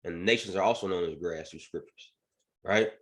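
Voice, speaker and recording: A man teaches scripture in a lively, emphatic preaching manner. His voice sits a bit low. He keeps checking in with his listeners as he speaks. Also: a little fast. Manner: animated, emphatic preaching with frequent "man" and "right?". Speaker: bible teacher. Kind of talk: scripture teaching with news commentary.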